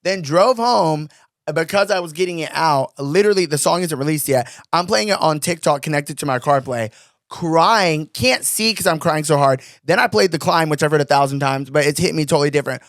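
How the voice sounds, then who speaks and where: A young man co-hosting a podcast, telling stories in an animated, rambling way with many fillers. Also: fairly high pitch, a little fast, dry recording, studio quality. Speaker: podcast co-host. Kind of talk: casual storytelling chat.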